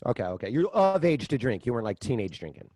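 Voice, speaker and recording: A man's voice: medium pitch, very animated, fast talker, darkish tone. A man guest-hosting a comedy podcast, asking probing follow-up questions. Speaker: guest host. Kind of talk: podcast interviewing.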